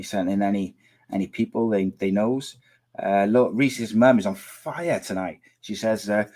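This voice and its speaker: Hoarse, rambling podcast host. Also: male voice, lowish voice, moderate pace, darkish tone. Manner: chatty, teasing, rambling with many restarts. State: losing his voice. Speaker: podcast host reading viewer comments. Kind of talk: casual live chat.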